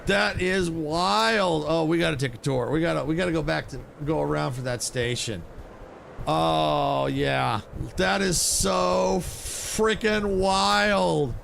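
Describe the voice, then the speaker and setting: A man giving casual, excitable commentary while playing a video game, exclaiming and laughing often. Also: fairly high pitch, measured pace, gravelly, slight background noise. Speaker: gaming streamer.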